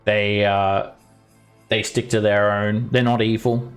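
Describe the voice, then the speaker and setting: A man's voice: fairly low pitch, level tone, takes it slowly, faint music behind. A man running a tabletop game as dungeon master, narrating casually with many fillers.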